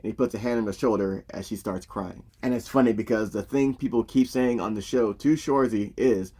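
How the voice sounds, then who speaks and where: A man casually recapping a TV series, telling it in an animated, profane storytelling way. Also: fairly low pitch, a little fast, hardly any pauses, slightly rough. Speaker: show reviewer.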